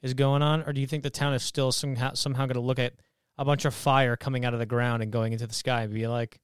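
A man's voice: mid-range voice, flat delivery, fast, clean tone, no room sound, studio quality. A man co-hosting a casual podcast chat, blunt, argumentative and crude.

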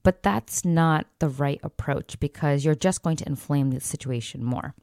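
Calm low-voiced woman, dry and close. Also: no echo. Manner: calm, measured, drops to a near whisper for quoted lines. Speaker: podcast host. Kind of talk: storytelling advice talk.

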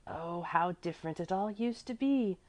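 A woman's voice: mid-range voice, expressive, normal speed, pitched above the performer's own voice, natural voice. A woman reading aloud and voicing a fussy, devoted older woman servant who speaks earnestly and emphatically. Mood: fretful.

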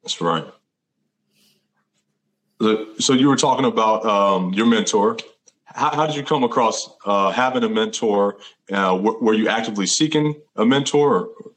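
A man's voice: on the low side, moderate pace, fairly bright tone, poor audio. A man hosting an interview, affirming and thoughtful, asking questions with many fillers. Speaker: podcast host. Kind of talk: conversational interview.

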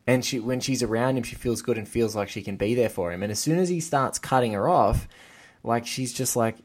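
Male podcast host, mid pitch, eager, casual film talk. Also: a little fast. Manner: enthusiastic, quotes film dialogue often.

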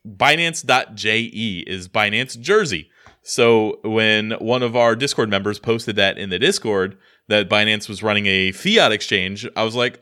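An American man co-hosts a podcast, chatting casually in a rambling, self-deprecating way with lots of restarts. His voice is fairly low, a little slow, and sounds pushed and bright.

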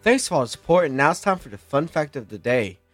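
A man's voice: fairly high pitch, big pitch swings, fast, fairly bright tone, soft background music. A young man from South Carolina with a Southern accent, chatting as a guest on a podcast in a playful, joking manner. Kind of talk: casual chat.

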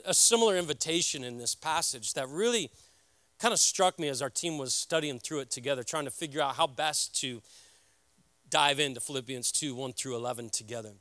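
Man, pastor, heartfelt sermon, halting delivery, slightly high pitch, dry close sound. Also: a bit bright, dry recording.

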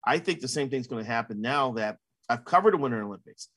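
A man's voice: mid-range voice, lively intonation, fast, fairly bright tone. A man in his fifties, a sportswriter, answering interview questions in a casual, rambling way full of "you know" fillers.

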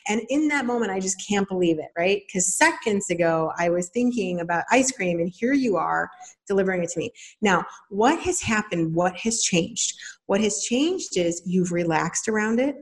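A podcast host in her thirties talks through a lesson in a casual, lively way, performing short quoted voices as she goes. Her mid-range voice is expressive, and her pace is moderate.

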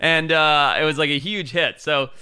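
A man's voice: fairly high pitch, normal speed, clean tone, no room sound, studio quality. A man from Africa telling stories as an interview guest, loose and chatty, full of "like" and acting out what other people said. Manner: animated, loose and chatty with many "like"s, acts out other people's lines. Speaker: interview guest, wildlife biologist. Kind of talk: casual storytelling.

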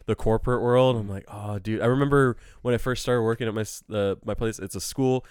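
A man telling stories in a loose, joking chat, swearing freely. His voice is smooth and clear. The sound is dry and close. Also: mid-range voice, fairly even intonation, fast, a little mellow, no room sound. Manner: profane, joking storyteller. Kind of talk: casual chat.

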